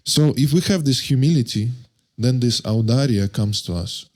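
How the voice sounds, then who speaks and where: Male devotional lecturer, middle pitch, hesitant and searching delivery. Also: expressive, a little mellow. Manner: halting, searching for words, frequent restarts; chants verses slowly in a raised voice.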